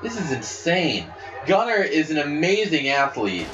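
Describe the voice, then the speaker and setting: Excitable man calling wrestling play-by-play. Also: on the high side, unhurried, muffled recording, music in the background. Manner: excitable, breaks into shouts and laughs at big moves. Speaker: commentator. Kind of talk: play-by-play commentary on a wrestling video game. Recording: steady background noise.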